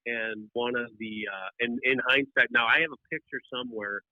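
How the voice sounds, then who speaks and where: A man's voice: mid-range voice, moderate pace, no echo. Guy rambling through a story on a call, lots of restarts, thin phone sound, dead dry. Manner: animated, rambling with many restarts. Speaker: podcast guest, deer hunting writer. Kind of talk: casual storytelling. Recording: tinny phone-line audio.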